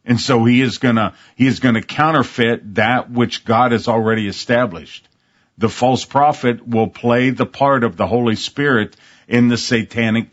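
A man preaching a sermon in an earnest, emphatic way, reading scripture aloud. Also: medium pitch. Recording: dull lo-fi sermon recording.

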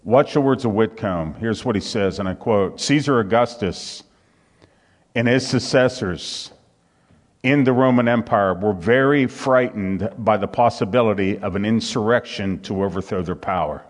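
A man's voice: lowish voice, moderate pace. A man preaching in a hall with a long echo trailing his words. He reads scripture aloud and pushes up into fervent emphasis as he drives home his points. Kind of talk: sermon.

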